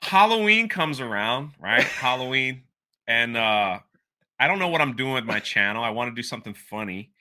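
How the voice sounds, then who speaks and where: A young man telling a story as a guest in a casual interview, animated and laughing, with plenty of filler words. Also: mid-range voice, moderate pace.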